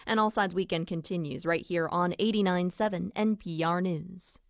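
A woman announcer reading the weather and promos in a crisp, scripted way. The booth sound is dry. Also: fairly low pitch, normal speed, dry recording. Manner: crisp, read-out. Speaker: radio announcer.

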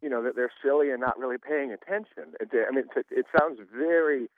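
A man's voice: mid-range voice, brisk, no echo. A man calling a radio show, venting in an exasperated way and repeatedly asking if he is understood. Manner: exasperated, repeats "you know what I mean". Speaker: caller. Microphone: phone. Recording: narrow phone line.

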